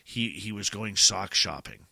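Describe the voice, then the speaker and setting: Middle-aged guy rambling thru a story, gets emotional, repeats himself, super bright voice. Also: lowish voice, a little slow, creaky, dry recording. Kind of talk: casual storytelling chat.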